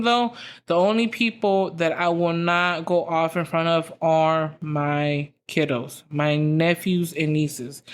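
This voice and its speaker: A young adult woman hosting a podcast, telling a story in a casual, profane, rambling way full of fillers. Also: low voice. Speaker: podcast host.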